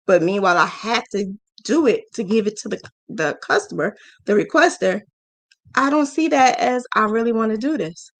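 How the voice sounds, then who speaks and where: A woman hosting a live business mentoring stream, frank and emotional, acting out quoted voices with big jumps in pitch. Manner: frank, emotional, scolding yet affectionate. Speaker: business mentor and crochet channel host.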